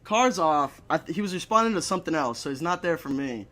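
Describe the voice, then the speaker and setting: A man's voice: on the high side, animated, fast talker, sharp tone. A young man telling a story in a casual chat, swearing a lot and laughing between lines. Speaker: podcast guest.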